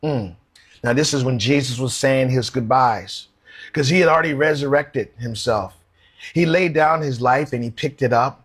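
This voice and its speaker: A man's voice: medium pitch, moderate pace, slightly rough. A man preaching a sermon, earnestly reading scripture aloud and asking rhetorical questions.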